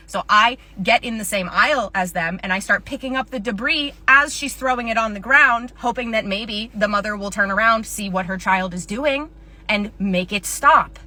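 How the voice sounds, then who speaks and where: A woman's voice: a little high, normal speed, bright, forceful tone, dry recording. Sarcastic woman telling comedy storytimes. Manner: sarcastic, exasperated. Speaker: comedy creator, former store cashier.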